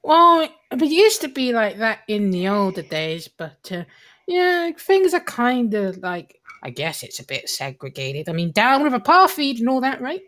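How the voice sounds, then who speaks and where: Woman putting on a squeaky chirpy schoolgirl. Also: sing-song, unhurried, a bit bright. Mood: breezy. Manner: squeaky high voice. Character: chirpy teenage schoolgirl, upperclassman council member.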